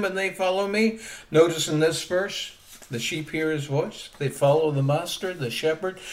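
A man preaching a sermon emphatically, repeating key phrases and swinging between loud rises and quiet drops. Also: high voice.

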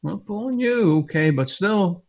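A man's voice: high voice, slow pace. An older man preaching a sermon, telling stories with humor and asking the congregation questions. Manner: animated storytelling with humor and rhetorical questions.

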